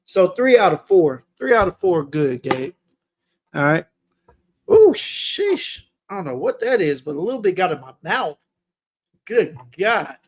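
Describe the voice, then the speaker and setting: Laid-back slangy man reviewing on a livestream. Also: high-pitched. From Texas. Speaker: fragrance reviewer, livestream host.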